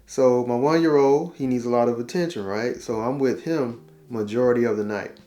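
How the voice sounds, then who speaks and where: A man's voice: medium pitch, normal speed, dark tone. A man in his forties telling a family story as a casual advice talk, acting out the dialogue with slang and laughing at himself. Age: 40s. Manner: conversational, uses slang and repetition. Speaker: relationship talk host.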